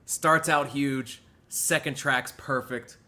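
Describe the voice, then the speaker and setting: A man's voice: mid-range voice, takes it slowly. A young man giving a live album reaction as a music reviewer, chatty and leaning heavily on filler words. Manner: animated, chatty, leans heavily on "like".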